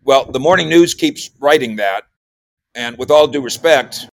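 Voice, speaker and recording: A man's voice: medium pitch, normal speed. A man talking sports as a regular radio guest, rambling and repeating himself in casual chat. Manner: rambling, repeats words, animated when quoting. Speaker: sports columnist and podcaster.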